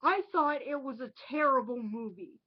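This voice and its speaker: A woman's voice: high-pitched, moderate pace, highs cut off. A woman delivering an indignant, emphatic rant reviewing a film, repeating lines for effect. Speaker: online movie reviewer.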